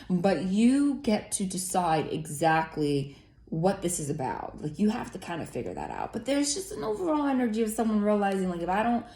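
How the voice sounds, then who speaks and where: Chatty woman tarot reader, low voice. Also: mellow. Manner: chatty, filler-heavy, swears casually. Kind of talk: casual tarot reading. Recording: roomy echo.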